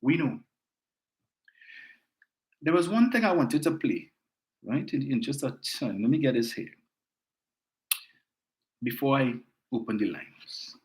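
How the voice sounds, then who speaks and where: A man's voice: medium pitch, animated, a little slow, pauses often, darkish tone, reverberant, rough recording. A man with a Trinidadian accent hosting a political call-in show, talking in an indignant, emphatic way and often repeating his words. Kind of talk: political commentary.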